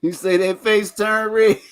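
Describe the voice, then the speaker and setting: A man hosting a casual chat show, boastful and playful, laughing often and repeating his catchphrases. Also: sits high. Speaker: show host.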